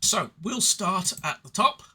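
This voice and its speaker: A man's voice: sits high, sing-song, takes it slowly, pushed and bright, slightly rough. An English man with an English accent reviewing card game cards in a rambling, self-deprecating way with frequent stuttered restarts. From England. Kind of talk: casual solo review.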